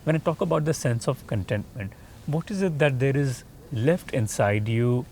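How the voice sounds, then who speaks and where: A male podcast host poses long, winding questions and restarts often. His voice sits at a middle pitch, with faint room ambience behind it. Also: expressive, moderate pace, darkish tone, a little hiss or hum. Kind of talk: interview questions.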